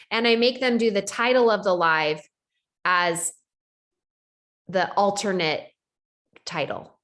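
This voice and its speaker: A woman coaching her team in a lively motivational talk, dropping in lots of "like" and "right?". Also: medium pitch, measured pace, pauses often. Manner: animated, acts out quoted voices, frequent "like" and "right?". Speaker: network marketing team leader.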